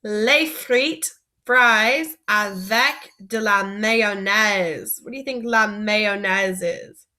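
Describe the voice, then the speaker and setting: A woman's voice: mid-range voice, sharp tone. A woman teaching a French vocabulary lesson, patiently asking learners to repeat words after her.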